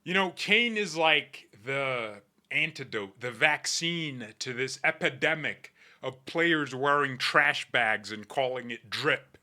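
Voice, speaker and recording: A man's voice: medium pitch, expressive, slow pace, hardly any pauses, sharp tone. A man hosting a football fan channel, talking in a hyped, joking, over-the-top way. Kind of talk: excited fan commentary vlog.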